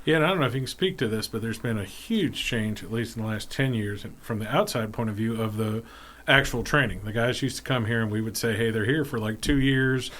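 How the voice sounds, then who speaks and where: A man's voice: medium pitch, brisk, a bit bright. A man hosting a casual interview, asking rambling questions in a chatty way. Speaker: podcast host.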